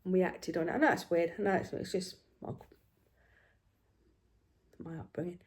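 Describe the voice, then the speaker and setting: A woman's voice: fairly low pitch, moderate pace. Chatty older woman storyteller. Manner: chatty, animated storytelling, dropping to hushed asides. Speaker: craft vlogger. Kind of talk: casual storytelling while stitching.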